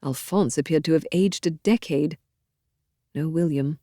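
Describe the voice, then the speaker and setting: Low-voiced woman narrating an audiobook. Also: no room sound, studio quality. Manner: measured, expressive storytelling. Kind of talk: scripted narration of a historical novel.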